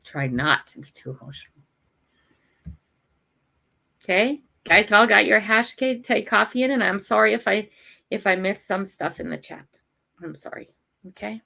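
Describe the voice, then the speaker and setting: A woman's voice: mid-range voice, lively intonation, measured pace, gravelly, long pauses, bright, forceful tone. An older woman hosting a casual morning livestream, chatting emotionally and talking straight to her viewers. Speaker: livestream host.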